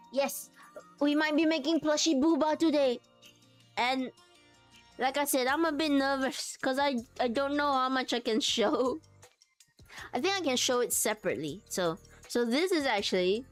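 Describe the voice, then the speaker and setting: A chatty woman with a slightly high voice talks through a sewing stream from her home desk. She laughs often and breaks off to greet her chat. Faint music plays underneath. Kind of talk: casual live crafting stream.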